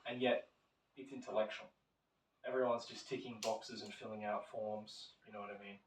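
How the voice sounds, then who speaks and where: A man's voice: lowish voice, normal speed, a little hiss or hum. A man giving a casual classroom lecture, telling stories and acting out little voices. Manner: animated storyteller, acts out little quoted voices. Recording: echoey room from far off.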